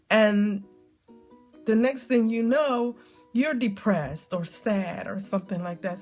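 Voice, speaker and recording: A woman's voice: on the high side, darkish tone. Middle-aged woman vlogger, chatty and emphatic, repeats lines for weight. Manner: chatty, storytelling, emphatic repetition, frequent ums. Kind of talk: casual talk to camera.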